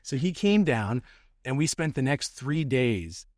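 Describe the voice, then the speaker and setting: A man's voice: medium pitch, sing-song, unhurried, a little mellow, dry recording, studio quality. A man from New Jersey hosting a podcast, telling a candid story in casual chat, often repeating words and swearing. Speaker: podcast host.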